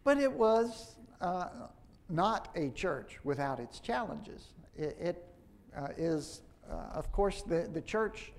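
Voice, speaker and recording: Slow, halting male preacher. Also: high-pitched, big pitch swings, a little hiss or hum. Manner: slow and halting, with many restarts and fillers. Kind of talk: sermon.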